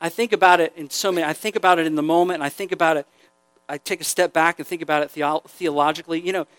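A man's voice: fairly high pitch, fast talker, clean tone, no room sound. A man preaching a casual, joking sermon to a youth group, reading scripture aloud between asides. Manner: conversational, joking, animated preaching.

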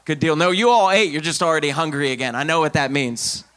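A bright, high-voiced preaching man. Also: fast talker, clear, resonant tone, no echo. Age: adult, married. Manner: conversational preaching with sudden loud emphatic bursts. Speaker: pastor. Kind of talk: sermon.

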